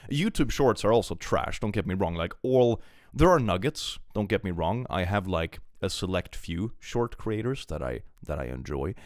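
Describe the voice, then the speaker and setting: A man's voice: deep voice, animated, normal speed, a little mellow, dry recording, studio quality. A young man from Sweden with a Swedish accent, chatting casually on a live stream and reading out chat, sarcastic and swearing freely.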